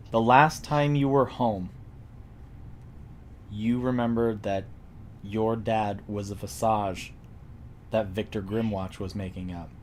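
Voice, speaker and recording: A man narrating a tabletop role-playing game as game master, describing scenes in a relaxed way with fillers. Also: fairly low pitch, a little hiss or hum.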